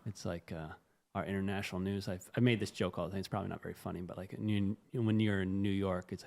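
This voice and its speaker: A man with a Midwestern American accent and a lowish voice chats on a podcast, joking at his own expense with quick asides. The room is echoey around him. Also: fairly even intonation, vocal fry, darkish tone. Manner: chatty, self-mocking, quick asides. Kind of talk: casual podcast chat.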